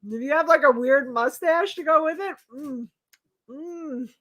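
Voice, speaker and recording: A woman in her thirties co-hosting a casual livestream, telling stories with lots of laughter and loud, animated outbursts. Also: high-pitched, fairly quick. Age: 30s. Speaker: co-host.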